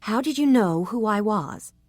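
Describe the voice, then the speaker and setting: A woman voicing an eager, slightly bumbling young gentleman in an audiobook, earnest in manner. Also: mid-range voice, lively intonation, moderate pace, dry recording, pitched above the performer's own voice, lightly acted. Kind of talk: audiobook character reading.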